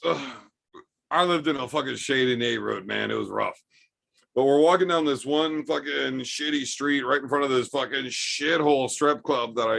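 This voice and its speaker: Brief: tipsy male stream host, gravelly voice, foul-mouthed and rambling. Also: mid-range voice, fairly bright tone. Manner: profane, rambling storyteller. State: drinking, tipsy. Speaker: livestream host reading chat. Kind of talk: casual storytelling chat.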